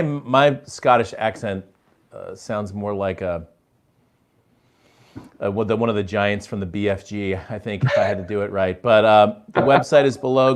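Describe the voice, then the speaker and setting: A man hosting a live online talk show, chatty and friendly, calling his guest "man" and "dude.". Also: lowish voice. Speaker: podcast host.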